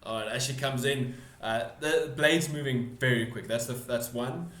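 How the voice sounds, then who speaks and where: A man's voice: medium pitch, fairly bright tone. A man narrates a tabletop battle as game master. He stumbles, restarts and corrects himself as he goes. His voice carries the echo of a bare room. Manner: halting, full of restarts and self-corrections.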